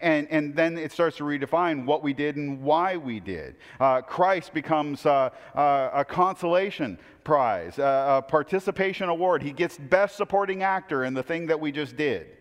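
A man preaching a conversational sermon, casual and wry, with asides and self-corrections. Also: on the high side. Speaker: preacher teaching a Bible class. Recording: reverberant hall.

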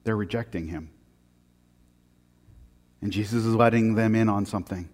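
A man preaching a sermon in an animated, joking way, swinging from loud punchy lines to very quiet ones. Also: on the low side, normal speed, big-room sound. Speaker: pastor.

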